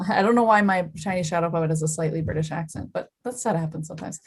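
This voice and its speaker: A woman's voice: on the low side, fast talker, few pauses. A woman leading an online puppetry workshop over a video call, bubbly and encouraging, chatting easily with her students. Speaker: workshop instructor.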